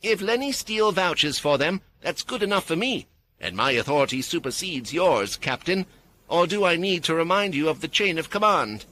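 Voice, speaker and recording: A man voicing an imperious, ageless female mage who speaks with sharp authority and sly sweetness. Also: on the high side, expressive, normal speed, pitched above the performer's own voice. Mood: commanding. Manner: commanding and sly.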